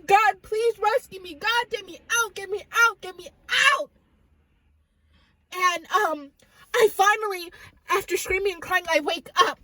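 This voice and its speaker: A woman tells a personal story with urgent intensity. Her voice sits high and sometimes cracks with tears. The sound is close and dry, with no room around it. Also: fairly bright tone, no echo, low-quality recording. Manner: fervent and urgent, voice breaking into tears. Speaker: Christian video host.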